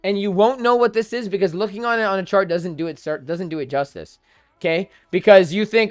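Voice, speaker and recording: A man's voice: high voice, a little fast, dry recording, clean studio sound, faint music behind. Blunt, profane man streaming live. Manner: blunt, profane, mocking, talks straight to viewers. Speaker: crypto trading livestream host. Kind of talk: casual livestream chat.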